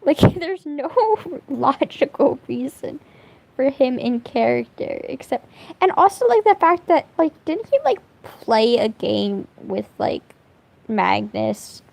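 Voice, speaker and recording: A woman's voice: sits high, very animated, slow, vocal fry, a little mellow, poor audio. A young woman chatting casually while drawing on stream, rambling and swearing, laughing often. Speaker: streamer drawing fan art.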